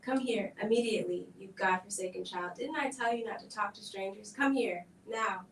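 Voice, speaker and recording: A woman reading the part of a harsh mother in her thirties, speaking in a sharp, scolding way. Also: mid-range voice, fairly even intonation, brisk, creaky, slight background noise. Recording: echoey room, distant mic.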